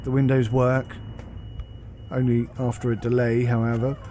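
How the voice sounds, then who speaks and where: A man's voice: mid-range voice, level tone, moderate pace, dark tone, slight background noise. A British man giving a casual, rambling commentary on a train game as he plays, thinking aloud. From United Kingdom. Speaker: game reviewer.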